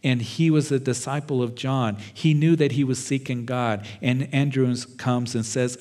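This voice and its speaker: Man preaching an animated sermon. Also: medium pitch, moderate pace. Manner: animated storytelling with acted quotes. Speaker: pastor.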